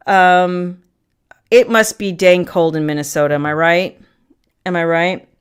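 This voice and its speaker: A middle-aged woman hosts a casual livestream from her family room, her voice on the low side, smooth and unhurried with fairly even intonation. She chats warmly with viewers, greeting them by name between frequent ums.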